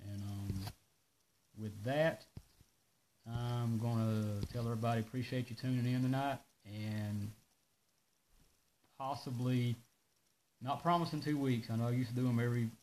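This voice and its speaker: A man talks casually on a live stream, launching into animated rants in his mid-range voice. His delivery is loose and drawling, with a faint hiss underneath the recording. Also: medium pitch, a little slow, long pauses, poor audio. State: out of breath. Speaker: host of a live parts-shop video.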